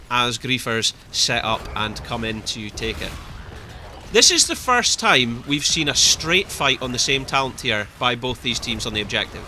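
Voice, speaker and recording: Bright-voiced man casting esports. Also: mid-range voice, moderate pace, slight background noise. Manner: excitable, chatty, laughs often. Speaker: esports caster. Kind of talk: live esports commentary.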